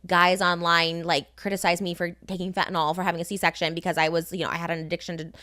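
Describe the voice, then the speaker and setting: A woman's voice: lowish voice, little pitch movement, quick pace, bright, forceful tone. A woman in her thirties, a podcast guest, talking candidly and rambling with lots of "like" into a studio microphone. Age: 30s. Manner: rambling, heavy use of "like". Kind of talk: candid casual chat.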